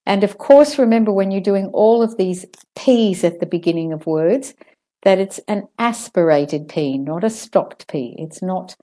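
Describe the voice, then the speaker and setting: Slow, warm-voiced woman pronunciation teacher. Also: mid-range voice. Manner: slow, careful, drawn-out model words. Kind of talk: pronunciation lesson.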